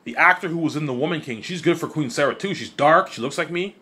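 A vlogger with a slightly high voice talks at a quick pace in a casual, excitable, rambling monologue. He swears a lot and often stumbles and restarts his words.

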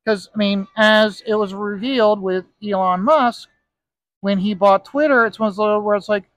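A man's voice: high-pitched, fairly even intonation, normal speed, fairly bright tone, no room sound. A man ranting in a casual vlog recorded in a bar, stressing his points with "okay?" again and again. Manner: ranting, emphatic, repeats "okay?". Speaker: comic book inker and video host.

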